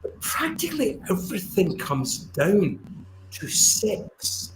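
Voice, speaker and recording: A man talks earnestly on a podcast panel, his voice sitting a little high. He sounds indignant. The room is roomy and echoey, with a faint hiss underneath. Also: wildly swooping pitch, takes it slowly. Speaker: podcast co-host. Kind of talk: casual panel discussion.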